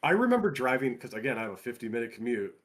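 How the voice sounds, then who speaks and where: A man telling a story as a podcast guest, laid-back and full of likes and little laughs. His voice is middle-pitched. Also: sing-song, racing, fairly bright tone. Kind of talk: casual chat.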